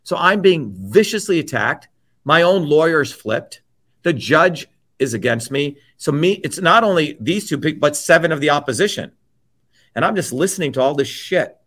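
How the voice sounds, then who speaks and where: Interview guest, man, slightly high voice, forceful and blunt, keeps asking "okay?". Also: animated, normal speed. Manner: forceful, checks in with repeated "okay?"; blunt, swears freely. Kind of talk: emphatic conversational storytelling.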